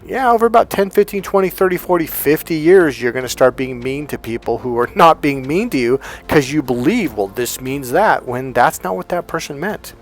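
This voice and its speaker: A man's voice: on the high side, brisk, hardly any pauses, soft background music. A man giving a casual motivational talk as a relationship coach, retelling conversations in a chatty, conversational way. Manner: conversational, retells exchanges in quoted dialogue.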